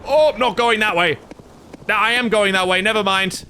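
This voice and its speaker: A man's voice: high voice, moderate pace, sharp tone, a little hiss or hum. A man commenting on his gameplay in a jokey, rambling way, easily startled and prone to yelps. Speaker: gaming video creator.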